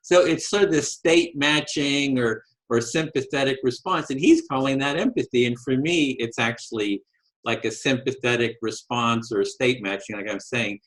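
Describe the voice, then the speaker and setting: A man's voice: mid-range voice, moderate pace, fairly bright tone, low-quality recording. Earnest man hosting a discussion. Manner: earnest, retelling exchanges with acted quotes. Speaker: host. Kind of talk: conversational discussion. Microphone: video call.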